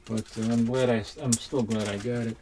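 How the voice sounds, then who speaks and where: A man chatting casually while unboxing comics at home, rambling and halting, with the odd swear word. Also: medium pitch, fairly even intonation, warm tone, a little hiss or hum. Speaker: comics collector vlogger.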